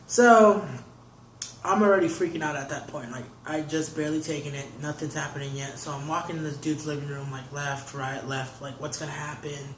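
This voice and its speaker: A man's voice: on the high side, steady tone, a little fast, noisy background. A young man, an interview guest, telling a long story in casual talk, rambling and filling his sentences with "like". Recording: roomy echo.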